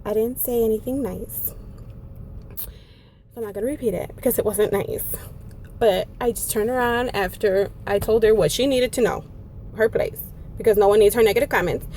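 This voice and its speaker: High-voiced, dramatic woman vlogger. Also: normal speed, long pauses, a little mellow. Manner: dramatic, mixes in Spanish phrases, acts out others. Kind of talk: animated storytime vlog. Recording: faint background noise.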